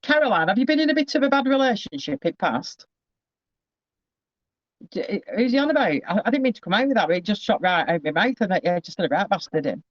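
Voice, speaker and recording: A man's voice: high-pitched, big pitch swings, fairly quick, no echo, highs cut off. A man giving a casual psychic reading over a video call, rambling and often breaking off with asides.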